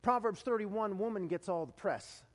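Guy preaching a sermon, high voice, goes loud then hushed, long church hall echo. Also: normal speed. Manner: animated storytelling, swings from loud exclamations to hushed low lines. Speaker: pastor.

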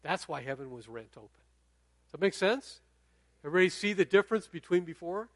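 A man's voice: high voice, lively intonation, a little fast, a bit bright, dry recording. A middle-aged man preaching a sermon in a conversational way, often checking in with the audience. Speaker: pastor.

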